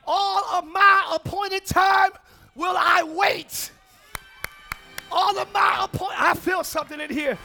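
High shouting preacher man, gravelly and bright. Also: fairly even intonation, takes it slowly, soft background music. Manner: preaching with shouts and call-and-response; drops to quiet asides and laughs. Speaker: pastor. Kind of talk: sermon. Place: church.

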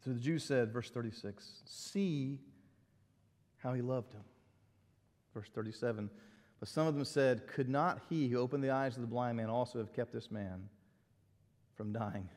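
Animated preaching man in a reverberant hall. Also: medium pitch, moderate pace, long pauses. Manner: animated, conversational preaching with asides. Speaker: pastor. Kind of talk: sermon.

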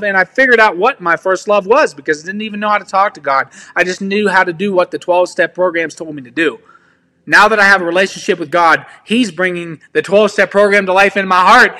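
A man's voice: high voice, pushed and bright. A man preaching informally, sharing personal testimony in an earnest, pleading way and speaking straight to his listeners. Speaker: ministry speaker.

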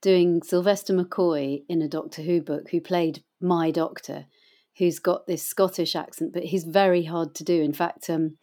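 A woman's voice: lowish voice, fairly even intonation, a little slow, warm tone. A middle-aged woman who voices audiobooks, telling stories in a chatty, rambling interview style with many fillers. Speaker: guest, voice actor and audiobook reader. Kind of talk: casual interview chat.

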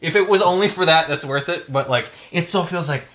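A co-host trades wry takes in a casual movie podcast chat, often laughing through opinions. The voice sits mid pitch with a bright tone. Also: brisk.

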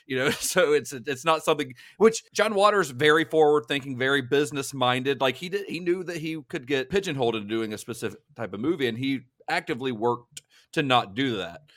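A man's voice: medium pitch, a little fast, fairly bright tone, no echo, studio quality. A man co-hosting a film podcast in casual chat, laughing often and rambling loosely. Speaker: podcast co-host.

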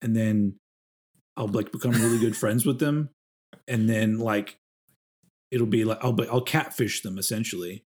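A man's voice: fairly low pitch, moderate pace, a little mellow. A man co-hosting a podcast, chatting casually in a rambling, self-mocking way. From Texas. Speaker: podcast co-host. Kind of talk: casual chat.

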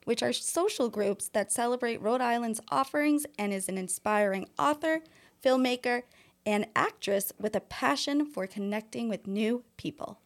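A woman's voice: a little high, moderate pace. A woman co-hosting a podcast, reading an intro in a polished voice and chatting casually and agreeably. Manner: polished read-out intro, then relaxed and agreeable. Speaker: podcast co-host. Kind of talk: casual chat.

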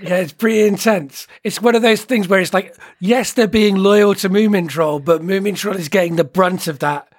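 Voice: medium pitch, normal speed, hardly any pauses. A co-host in a casual book discussion who adds details and thoughtful critique of the story. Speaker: podcast co-host.

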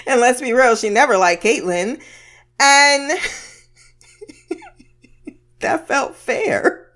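Her high voice is fairly bright, slow, and lively in intonation as she reviews a TV episode. The recap is casual and blunt, sprinkled with swearing and frequent laughter.

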